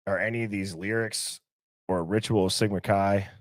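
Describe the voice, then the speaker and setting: A man's voice: on the low side, fairly even intonation, normal speed, dry recording. Laid-back man thinking aloud, dry sound. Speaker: stream co-host. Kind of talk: casual true-crime stream chat.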